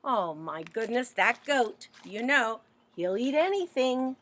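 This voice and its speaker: A woman librarian reading a picture book aloud to children, animated and asking them questions as she goes. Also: fairly high pitch, slow, dry recording. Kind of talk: children's story read-aloud.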